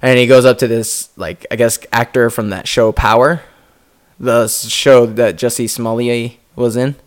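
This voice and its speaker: A man chatting casually while watching a fight, telling stories animatedly and mimicking people in high voices, swearing freely. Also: fairly even intonation, unhurried. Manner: swears freely, laughs often. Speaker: podcast co-host.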